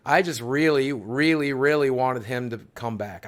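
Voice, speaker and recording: A man's voice: medium pitch, moderate pace, few pauses. A man hosting a livestream from his studio, talking in an earnest, heartfelt, confessional way with emphatic repetition. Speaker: livestream host.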